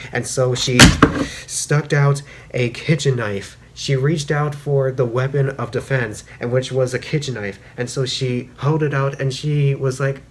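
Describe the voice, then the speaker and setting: Man, fanfic reviewer, casual rambling retelling, lots of fillers, excitable, mid pitch.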